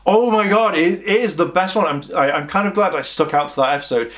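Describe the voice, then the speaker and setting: A man's voice: fairly high pitch, quick pace, a bit bright. A man giving a casual, chatty video review of an anime, rambling and exasperated with many restarts.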